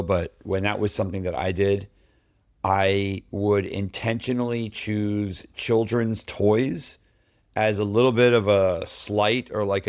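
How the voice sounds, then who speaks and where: A man's voice: fairly low pitch, no echo, clean studio sound. A man hosting a cybersecurity podcast, chatting casually with frequent fillers and restarts. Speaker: podcast host. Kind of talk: casual chat.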